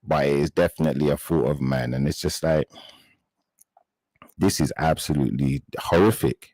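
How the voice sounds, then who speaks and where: A man with a very deep, low voice hosts a live chat and speaks straight to his viewers. He sounds indignant and halting, often stopping to search for words. The recording is dry and close, with little sound of the room. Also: darkish tone, dry recording, low-quality recording. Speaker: live stream host.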